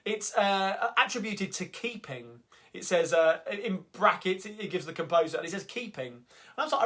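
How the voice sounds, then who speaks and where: A man's voice: sits high, fairly bright tone. A man with a London Cockney accent hosting a live sing-along, chatting casually and rambling with lots of ums between songs. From England.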